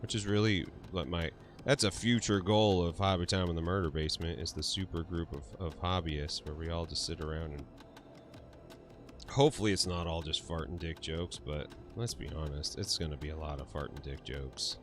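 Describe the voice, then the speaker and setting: A man's voice: sits low, steady tone, moderate pace, soft background music. A man hosting a casual livestream, laughing often, swearing freely and answering his chat. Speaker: livestream host.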